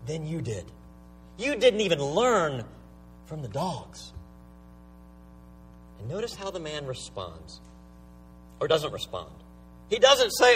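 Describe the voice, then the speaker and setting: Animated male preacher, distant mic. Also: fairly high pitch, measured pace, long pauses, breathy edge, soft background music. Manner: emphatic, rhetorical questions. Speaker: pastor. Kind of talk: sermon.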